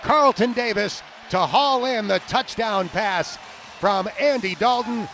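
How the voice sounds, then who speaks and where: High-voiced man calling football play-by-play. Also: slow pace, a little hiss or hum. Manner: surges to excited shouts on big plays. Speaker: play-by-play announcer.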